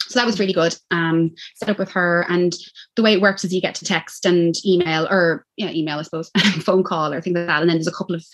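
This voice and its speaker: An Irish woman in her thirties, talking in a lowish voice as a podcast guest. She tells her story in an animated, casual way, slipping into the voices of the people she quotes. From Ireland. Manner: animated, acts out quoted speech, quick laughs. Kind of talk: personal birth story, casual chat.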